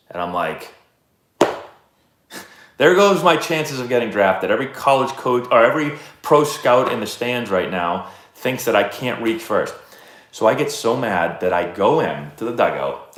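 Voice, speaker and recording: A Boston-area man with a mid-range voice hosts a casual live baseball stream in a reverberant space. He's an animated storyteller, packing his tales with fillers and answering viewers by reading their chat messages aloud.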